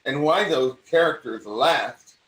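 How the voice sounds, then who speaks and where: An older man with a mid-Atlantic accent, an acting coach talking in an animated, rambling way. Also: mid-range voice, takes it slowly, far from the mic. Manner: animated, rambling, self-interrupting. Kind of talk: casual conversation. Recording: echoey room, away from mic.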